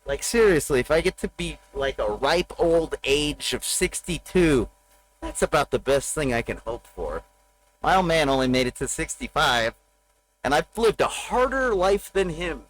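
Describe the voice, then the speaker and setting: A middle-aged man talks straight into his desk mic on a livestream, his voice sitting a bit high for a man. He rambles in a raw, confessional rant, cursing freely and swinging from bravado to grim candor. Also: very animated, normal speed, a bit bright, slight background noise, low-quality recording. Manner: blunt, profane, confessional rant. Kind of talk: rambling personal monologue.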